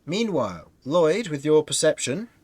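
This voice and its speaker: A man's voice: on the high side, sing-song, normal speed, a little mellow, breathy edge, no room sound. A man narrating a tabletop game as game master, describing scenes and often laughing.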